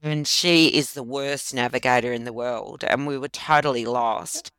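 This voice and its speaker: A woman's voice: rumbling low, fairly even intonation, normal speed, a bit bright, clear, resonant tone, no echo. Woman guest, dry close sound. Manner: leads a laughter exercise, laughs often. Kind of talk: casual interview.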